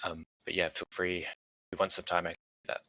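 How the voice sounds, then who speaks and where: A man running a tabletop game as game master, explaining things in a relaxed way with fillers. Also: low voice, fast, dry recording, lo-fi sound.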